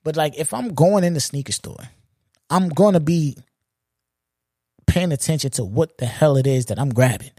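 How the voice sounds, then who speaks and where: Profane, animated man ranting on a podcast. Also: on the high side, normal speed, long pauses, dry recording, clean studio sound. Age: 40s. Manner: animated, profane, laughs at his own jokes. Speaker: podcast host. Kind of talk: solo comedic podcast rant.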